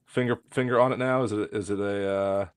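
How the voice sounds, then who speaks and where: A man's voice: fairly low pitch, fairly even intonation, brisk, clear, resonant tone, no echo, clean studio sound. A man co-hosting a casual golf podcast, arguing his points one by one. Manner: argumentative, makes his case in points. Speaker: podcast co-host. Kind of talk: casual sports chat.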